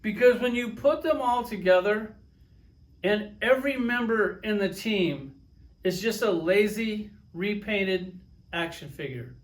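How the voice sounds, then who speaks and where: A man's voice: high-pitched, unhurried. A man reviewing collectible action figures in a casual vlog, sarcastic and profane, spinning little stories with acted-out quotes. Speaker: toy reviewer.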